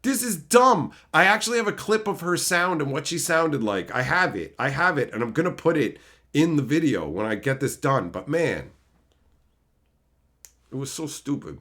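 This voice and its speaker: A man's voice: a little high, expressive, normal speed, pushed and bright. A man streaming, telling a story in a casual rant, profane, exasperated and mocking.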